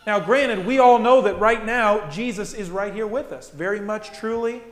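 A man's voice: high-pitched, normal speed. A male pastor giving a conversational sermon, often tagging his points with "right?" and "okay?". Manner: conversational, frequent tag questions. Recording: echoey hall.

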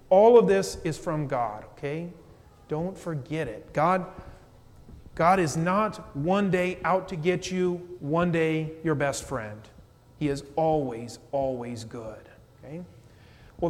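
Conversational pastor preaching in a reverberant hall. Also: male voice, fairly high pitch. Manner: conversational, asks "okay?" and chuckles. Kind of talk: sermon. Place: church. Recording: long church reverb.

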